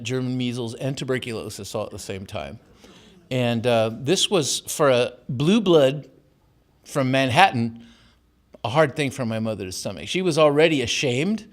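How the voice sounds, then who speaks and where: Older author at a lectern, wry storyteller, mid-pitched voice, easy laughs. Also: male voice, a bit bright. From born in Tijuana, raised in San Diego. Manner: anecdotal, wry, laughs at his own stories. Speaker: author giving a talk. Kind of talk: storytelling lecture. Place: campus auditorium.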